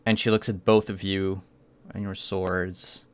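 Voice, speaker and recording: A man narrating a tabletop game as game master, describing scenes in a measured way with occasional fillers. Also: sits low, little pitch movement.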